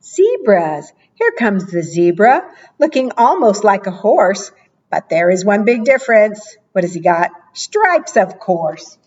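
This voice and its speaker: A woman librarian gently reads picture books aloud to young children and keeps asking them questions. Her delivery is slow and breathy. She sounds distant and a little muffled. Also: mid-range voice, sing-song. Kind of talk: preschool storytime read-aloud.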